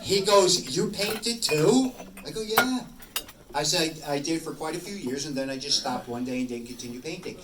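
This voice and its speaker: Telling stories to a room full of people, this paranormal investigator in his sixties rambles in an animated way, playing both parts of each dialogue. He speaks at a normal speed with a fairly high pitch. The audio is echoey, with a distant mic and slight background noise.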